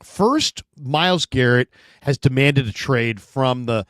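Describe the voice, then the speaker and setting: A man hosting a sports talk show in casual chat, telling stories with lively acted-out quotes. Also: medium pitch, slow, no echo, studio quality. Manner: animated storyteller, acts out quotes.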